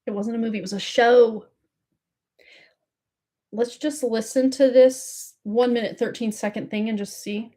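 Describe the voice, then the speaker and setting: A woman with a fairly high voice talks through a live tarot reading. She rambles in a relaxed, chatty way, circling back on her words and laughing often. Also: measured pace, pauses often. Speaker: tarot reader.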